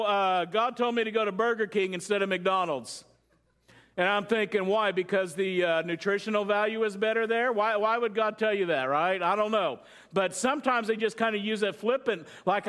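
An older man delivers a sermon as pastor, talking in a high, light register. He tells stories with jokes along the way and keeps tossing questions out to the congregation. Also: fairly bright tone. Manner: conversational, jokey storytelling with audience questions.

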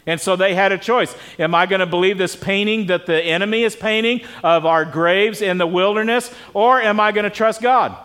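A pastor with a high, fairly bright, smooth voice preaches a conversational sermon at a moderate pace with few pauses. Speaking casually to his congregation during a church service, he keeps stopping to ask them questions.

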